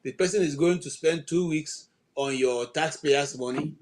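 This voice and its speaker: A man's voice: a little high, moderate pace. Exasperated man hosting a panel. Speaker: host. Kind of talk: online panel discussion.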